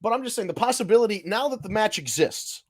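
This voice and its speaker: A man's voice: sits high, lively intonation, fast. A man hosting a wrestling podcast in casual chat, rambling and swearing as he rants. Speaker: podcast host.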